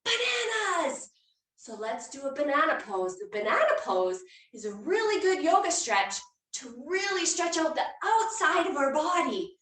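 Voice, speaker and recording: A woman's voice: sits high, sing-song, moderate pace, fairly bright tone. A woman leading a guided children's yoga class, speaking in a playful, coaxing way and making animal sounds. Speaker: kids yoga instructor. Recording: echoey room, mic far off.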